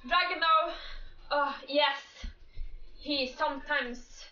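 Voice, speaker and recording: A gaming creator rants casually about game characters, profane and exasperated, often breaking into laughter. Her voice is high, bright and forceful, and she takes it slowly. The audio is dull, with an echoey room, a distant mic, and faint music.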